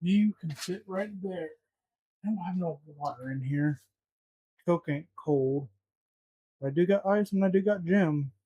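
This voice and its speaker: A man's voice: high-pitched, measured pace, pauses often, dark tone, husky, dull audio. A man cooking at home, talking to himself in a flustered, muttering way and swearing often. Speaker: home cook vlogger. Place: home kitchen.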